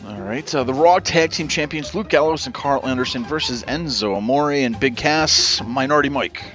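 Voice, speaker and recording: A man hosting a wrestling podcast, briskly calling out matches in casual chat. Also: medium pitch, fairly bright tone, faint music behind. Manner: brisk, runs the segment. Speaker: podcast host.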